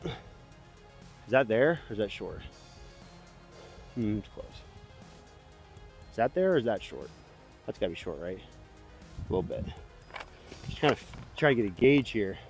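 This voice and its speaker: A man giving casual running commentary while playing disc golf outdoors, excitable and hard on himself, a bit out of breath. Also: lowish voice, moderate pace, pauses often, soft background music. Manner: excitable, self-critical, talks to himself between throws.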